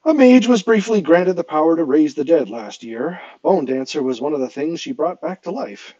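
A mild, soft-spoken teacher speaks in a breathy, gentle voice, played by a man reading aloud. The sound is close and dry with a slightly dull edge. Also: a little high, animated, moderate pace, no room sound, pitched above the performer's own voice, lightly acted. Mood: explaining.

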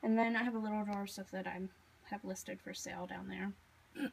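A woman's voice: mid-range voice, steady tone, brisk, creaky, husky, rough recording. A woman in her thirties giving a casual, chatty tour of her home craft room, filming as she talks, with lots of fillers and self-deprecating asides. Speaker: craft vlogger.

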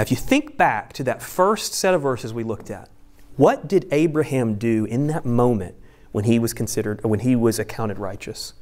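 A man's voice: medium pitch, darkish tone. A male pastor giving a conversational teaching sermon, explaining step by step with friendly asides. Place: church room with a screen.

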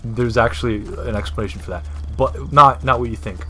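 A man's voice: mid-range voice, brisk, bright, forceful tone. A man casually commentating a video game, talking in a rambling, crude, profane way. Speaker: gameplay commentator.

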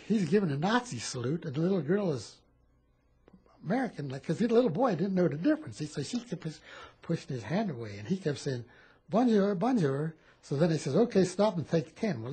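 A man in his eighties, a war veteran telling stories in a rambling, animated way at a home interview. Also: a little high. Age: 80s. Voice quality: very husky. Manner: rambling, animated storytelling with repeated phrases.

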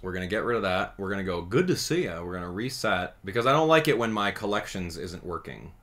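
A man giving casual gameplay commentary as a channel host, chatty and excitable, thinking out loud as he plays. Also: sits low, fast talker.

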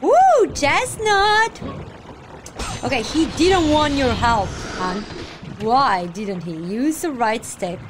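Excitable woman gamer reacting loudly. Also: a little high, slow, noisy background. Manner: excitable, exclaiming, talks to the character. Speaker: gamer streamer. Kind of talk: live gameplay reactions. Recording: voice over loud game music.

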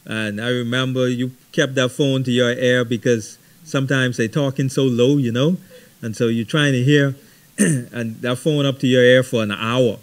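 A middle-aged man leading a Bible study, teaching conversationally with lively stories and frequent "right?". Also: medium pitch, normal speed. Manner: animated storytelling, frequent ums and repeated "right?".

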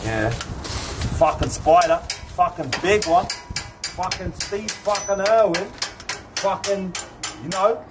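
This is an excitable young bloke with a fake Australian accent, as a man puts him on. He rambles and swears, pitched high above the speaker's normal voice, and the recording picks up clear noise behind him. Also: takes it slowly, long pauses. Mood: excited. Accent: put-on Australian.

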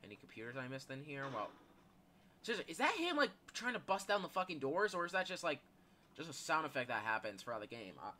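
Over slight background noise, a gaming YouTuber's medium-pitched voice sounds sing-song, pushed and bright at a normal pace. He panics, yelps and curses at the game during live play, then drifts into rambling full of fillers and restarts.

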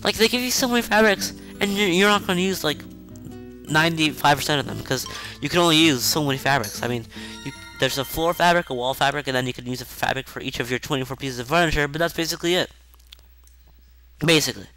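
Bright-voiced man rambling over gameplay. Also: on the high side, quick pace. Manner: rambling, chatty, self-mocking asides; excitable outbursts during play. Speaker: video game let's-play host. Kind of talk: casual gameplay commentary. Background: faint game music.

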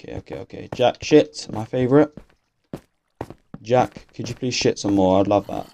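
A young English man giving casual, excitable gameplay commentary from his bedroom, swearing constantly and talking to himself. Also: lowish voice, normal speed, gravelly, slight background noise. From England. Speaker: gaming youtuber. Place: bedroom at home.

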